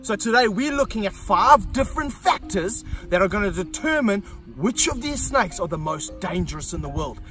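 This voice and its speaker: A middle-aged man hosting an energetic outdoor wildlife demonstration, talking straight to his viewers and breaking into whoops. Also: high-pitched, normal speed, hardly any pauses, far from the mic, faint music behind. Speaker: wildlife handler and host. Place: outdoors by snake enclosures.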